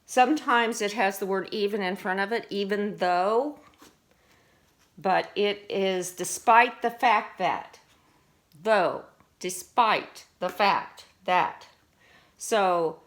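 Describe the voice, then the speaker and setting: A woman teacher slowly explaining vocabulary words, their parts of speech and syllables, in a deliberate classroom manner. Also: mid-range voice. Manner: slow and deliberate, explaining word by word. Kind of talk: vocabulary lesson.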